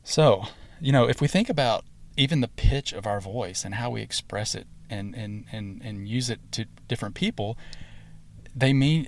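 Low-voiced man hosting a halting podcast. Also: gravelly. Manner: halting, many fillers and restarts. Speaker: podcast host. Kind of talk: casual spiritual podcast talk.

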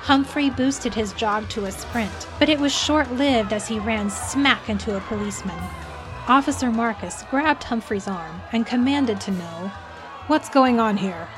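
A woman narrating a scripted fantasy story in a clear, even reading voice. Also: on the high side, moderate pace, music in the background, a crowd in the background.

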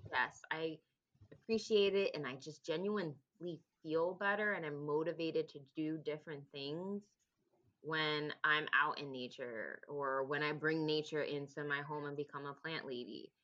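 Woman guest, low pitch and bright tone, hesitant casual chat. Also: normal speed, dull audio. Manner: hesitant, self-correcting. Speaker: podcast guest.

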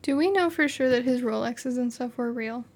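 A woman with a high voice co-hosts a casual podcast. She asks pointed questions and drops dry, deadpan remarks. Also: moderate pace. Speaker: podcast co-host.

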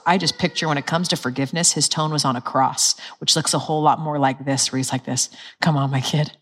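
A woman preaching in a chatty, animated style, with a voice that sits a little low. She laughs easily and slips into the voices of the people she quotes. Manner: conversational, animated, laughs often, acts out quotes. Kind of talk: sermon.

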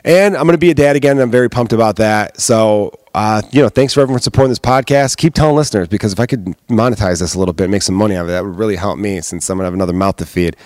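A comedian hosting his solo podcast, talking fast in a loose, heated rant full of swearing. His voice sits fairly low. The sound is close and dry, with no room around it. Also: darkish tone, no echo. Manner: profane, heated ranting.

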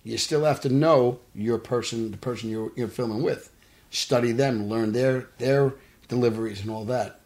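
A man tells his story in earnest, at an ordinary middle pitch. He slips into the voices of the people he quotes, as a guest in a studio interview. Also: moderate pace, darkish tone. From Brooklyn, New York. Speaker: actor guest. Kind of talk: casual podcast interview.

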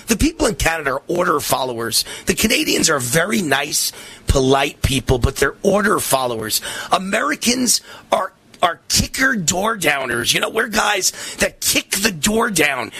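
A man's voice: sits high, creaky, slightly rough. Fiery middle-aged male talk radio host. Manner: fiery, impassioned ranting that rises to shouts. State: voice strained from shouting.

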